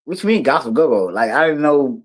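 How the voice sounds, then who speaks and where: Animated D.C.-accented man telling stories. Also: mid-range voice, a little fast, breathy edge. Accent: Washington D.C. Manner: animated, acts out quoted voices, loose slang-heavy talk. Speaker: guest musician. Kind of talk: casual storytelling interview.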